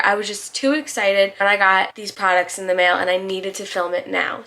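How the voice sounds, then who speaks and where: A woman's voice: mid-range voice, bright, forceful tone, a little hiss or hum. A young woman with a slight lisp, chatting casually and bubbly as a beauty vlogger reviewing makeup.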